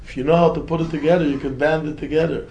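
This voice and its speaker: A man teaching a Torah lesson as a rabbi, chanting quoted verses in a singsong and climbing high when he stresses a point. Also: steady tone, racing, darkish tone, dull audio, a little hiss or hum.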